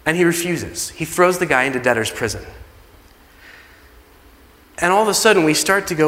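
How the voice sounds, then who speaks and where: A man's voice: fairly high pitch, expressive, normal speed, long pauses, fairly bright tone. Man preaching in a reverberant hall. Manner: conversational preaching, acts out quoted pleas. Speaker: pastor. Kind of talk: sermon. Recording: long reverb of a large hall.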